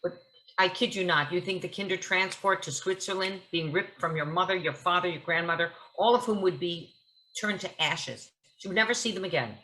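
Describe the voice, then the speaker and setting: A woman's voice: fairly low pitch, brisk, sharp tone, low-quality recording. A woman actress as a guest at a book talk, telling stories in a vivid, theatrical way. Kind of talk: onstage conversation at a book talk.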